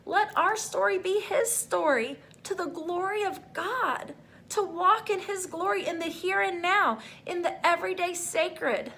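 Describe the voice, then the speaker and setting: A woman's voice: very high-pitched, fairly bright tone, slight background noise. A middle-aged woman vlogging a personal faith testimony, talking in a rambling, heartfelt way full of fillers.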